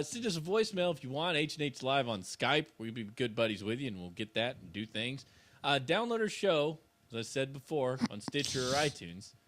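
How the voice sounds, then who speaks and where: A young man co-hosting a casual podcast, joking around and slipping into loud goofy voices. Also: medium pitch. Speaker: podcast co-host.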